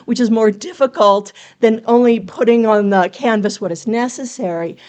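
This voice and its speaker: A woman guest on a podcast, explaining craft as a writing coach would. She speaks in a fairly high voice, earnest and teacherly, and asks her listeners rhetorical questions as she goes. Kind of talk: explanatory interview talk.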